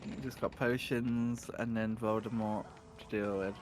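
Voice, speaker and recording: A man's voice: on the low side, flat delivery, measured pace, darkish tone, faint music behind. A man commentating a speedrun in casual chat, teasing his co-host and talking to chat.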